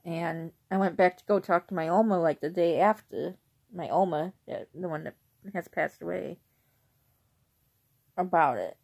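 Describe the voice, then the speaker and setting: A young woman vlogging in a casual, rambling way, who often clears her throat. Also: fairly low pitch, unhurried, pauses often, darkish tone. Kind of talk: casual chat.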